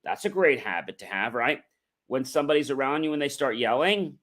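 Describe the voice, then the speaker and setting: A man's voice: mid-range voice, lively intonation, fairly quick, fairly bright tone. An emphatic middle-aged man coaching viewers. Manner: emphatic, coaching delivery with rhetorical questions and acted-out example dialogue. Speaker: motivational livestream host. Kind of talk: motivational talk to viewers.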